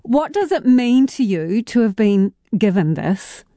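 A woman's voice: a little high, very animated, measured pace, warm tone, dry recording, studio quality. A woman hosting a radio interview, teasing and upbeat. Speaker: radio host. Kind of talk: casual interview.

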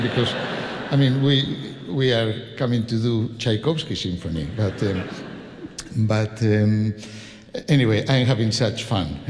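A conductor from Spain speaks to his audience in a Spanish accent, slowly and unhurried, with plenty of laughs and false starts. His voice rings out with a long reverb, as from a stage in a big concert hall. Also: medium pitch, noisy background. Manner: chatty, laughing, with many restarts. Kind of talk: informal speech to a concert audience.

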